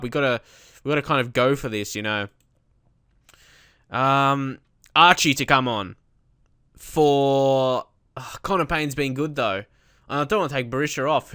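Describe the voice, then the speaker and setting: A young man commentating his own football management game, casual and prone to loud outbursts. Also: medium pitch, clear, resonant tone, no room sound, studio quality. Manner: excitable, shouts at big moments. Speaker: gaming YouTuber. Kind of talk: let's play commentary.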